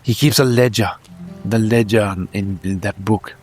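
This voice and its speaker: Man doing a grim female survivor, bitter, scornful, slow and measured. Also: fairly low pitch, steady tone, darkish tone, soft background music, voice pushed down. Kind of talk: playing a tabletop game character.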